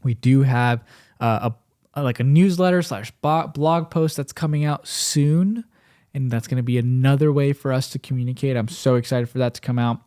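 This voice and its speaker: A man co-hosting a podcast, signing off in relaxed, casual chat. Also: medium pitch, normal speed. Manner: relaxed, with fillers and restarts. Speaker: podcast co-host.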